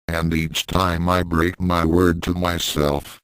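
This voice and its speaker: A man's voice: low-pitched, little pitch movement, slow pace, clear, resonant tone, dry recording, low-quality recording. A man reading fan fiction aloud and voicing a hot-tempered young fighter with a defensive, frustrated manner. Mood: guilty. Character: young martial artist boy, guilty and hot-tempered.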